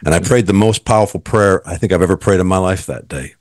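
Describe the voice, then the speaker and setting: A man's voice: low voice, fast, no echo, clean studio sound. A middle-aged man, a guest, earnestly telling his personal faith story and quoting what others said.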